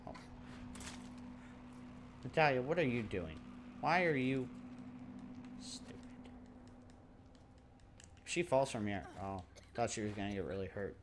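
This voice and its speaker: A man's voice: mid-range voice, expressive, a little slow, long pauses, a little hiss or hum. A man doing casual gameplay commentary, joking, swearing and laughing at the game as he plays. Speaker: let's play commentator.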